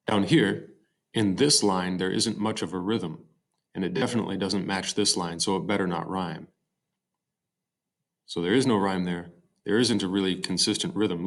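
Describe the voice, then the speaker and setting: Low-voiced man teaching a poetry lesson. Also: moderate pace, a bit bright. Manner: explanatory, with fillers and self-corrections. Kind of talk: recorded slide-show lecture.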